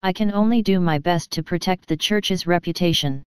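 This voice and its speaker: A woman voicing a shrewd young male lord who talks in a measured, bargaining way. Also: on the low side, clear, resonant tone, no echo, close to an everyday voice.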